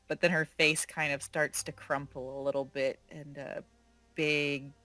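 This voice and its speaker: A player narrating a character's actions in a tabletop game, slowly and with many fillers. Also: mid-range voice, pushed and bright. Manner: slow, meandering, full of fillers. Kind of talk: tabletop role-play narration.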